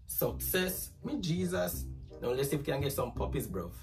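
A slangy man with a Jamaican accent hosts a casual vlog, talking to strangers on a video app. His voice sits a little high and comes from a short way off the mic. Loud music plays behind him. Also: big pitch swings, normal speed, recorded from a distance. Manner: slangy, peppers every line with "bro" and "you dig". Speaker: YouTube host.

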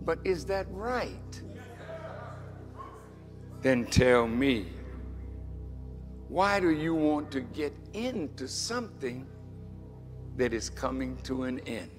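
A man delivering a sermon as a minister, swinging between hushed lines and shouted points. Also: medium pitch, big pitch swings, takes it slowly, long pauses, big-room sound, soft background music.

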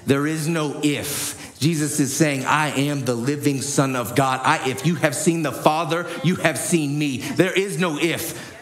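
A man preaching a sermon as pastor, in a casual way that swings between quiet low asides and loud shouted bursts. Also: a little slow. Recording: echoey church hall.

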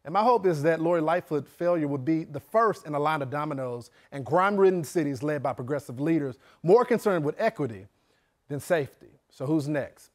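A man's voice: on the high side, expressive, brisk. A man hosting a cable news segment, delivering a scripted, opinionated monologue with emphatic delivery. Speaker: news host.

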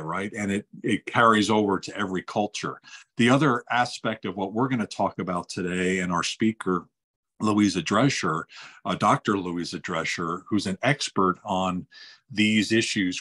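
Low-voiced man hosting a webinar. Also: a bit bright. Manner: rambling, enthusiastic introductions. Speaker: webinar host. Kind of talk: introducing a speaker.

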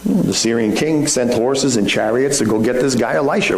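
A man's voice: mid-range voice, normal speed. A male pastor preaching a sermon in a conversational style, full of rhetorical questions. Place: church sanctuary. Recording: echoey room, faint background hum.

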